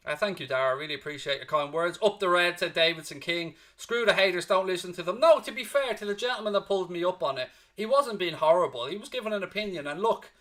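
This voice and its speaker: A man's voice: high voice, expressive, quick pace, few pauses, fairly bright tone. A male fan channel host on a live post-match stream, reading out chat comments in an emotional, blunt way that wanders onto tangents, and exhausted.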